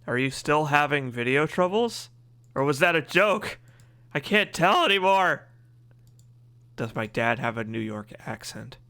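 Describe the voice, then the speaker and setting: A man's voice: fairly high pitch, lively intonation, a little slow, pushed and bright, clean tone. A man streaming a video game, chatting casually with his viewers, rambling and joking as he reacts to chat.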